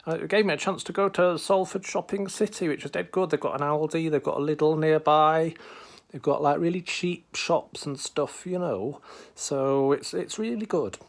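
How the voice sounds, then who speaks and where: A man doing Jesus as a relaxed, chatty northern English lad, with a Northern English accent and a raised, bright voice. He talks to people like mates down the pub, calling them pal and lad. This is a comic improvised interview. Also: on the high side, normal speed, natural voice. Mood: cheerful. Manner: chummy and casual, calls people pal and lad.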